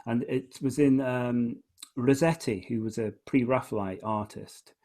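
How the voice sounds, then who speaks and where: A man's voice: medium pitch, steady tone, a little slow, dark tone. A man hosting a casual conversation, enthusiastically explaining poetry and often restarting his phrases. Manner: enthusiastic, explains by reading lines aloud and stressing beats. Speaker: host, musician.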